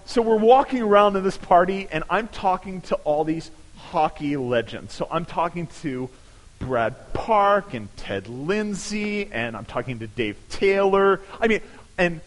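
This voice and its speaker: A man from California preaching a sermon, telling a story with animation and building to emphatic peaks. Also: high voice. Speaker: pastor. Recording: long hall reverb.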